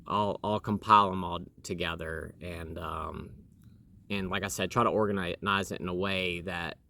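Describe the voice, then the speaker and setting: Guy in his 30s with a real low voice, bright tone, rambling casual host, lots of ums and restarts. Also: steady tone, moderate pace. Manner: rambling, with many fillers and restarts. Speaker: host interviewing his wife. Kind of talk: casual home interview.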